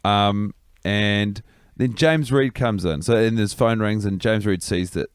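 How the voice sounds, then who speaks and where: A man co-hosting a comedy podcast, recapping a film scene in an animated, exasperated way. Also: on the low side, measured pace, clear, resonant tone, no room sound, studio quality. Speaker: podcast co-host.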